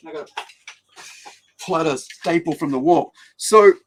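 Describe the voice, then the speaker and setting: A man hosting a casual livestream chat over a video call, telling stories in an animated way. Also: a little high, unhurried, slight background noise, rough recording. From New Zealand. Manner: animated storyteller, acts out quoted people. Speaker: host.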